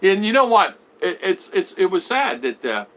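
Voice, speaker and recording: A man's voice: sits high, very animated, moderate pace, fairly bright tone. A man hosting a casual livestream from home, reading viewer comments aloud and answering them in a rambling way, with many restarts. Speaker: vlogger reading live chat.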